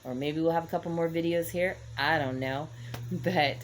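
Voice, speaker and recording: A middle-aged woman with a low, deep-set voice shares encouragement in a relaxed devotional chat. She wanders through her thoughts in an earnest, informal way, leaning on "you know" as she goes. A faint hiss sits under her voice. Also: normal speed. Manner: earnest, rambling, many "you know" fillers. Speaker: Christian encouragement vlogger. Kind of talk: casual devotional chat to camera.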